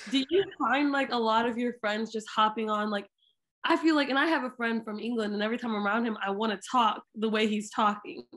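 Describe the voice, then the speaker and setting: A young woman co-hosts a casual college podcast with a fairly high voice. She chatters quickly and fills her questions with fillers. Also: fairly even intonation, a bit bright. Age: young adult. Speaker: podcast co-host.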